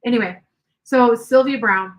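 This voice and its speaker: A woman's voice: fairly high pitch, moderate pace, rough recording. An older woman hosting a live stream as a psychic reader, chatting casually and rambling, with many restarts and asides to her viewers.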